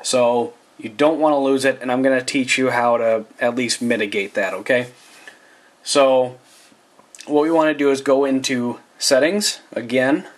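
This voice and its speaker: A man talks viewers through setting up a phone in a loose, chatty way. His voice sits at an ordinary, mid-range pitch. He drifts into asides and restarts as he goes. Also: fairly even intonation, a little slow. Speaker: tech reviewer. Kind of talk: casual phone tutorial.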